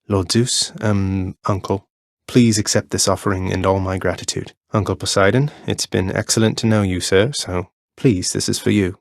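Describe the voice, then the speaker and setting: Young underworld prince, video game lines, very low voice, earnest, wry. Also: male voice, no echo, studio quality. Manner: polite and earnest, wry with friends.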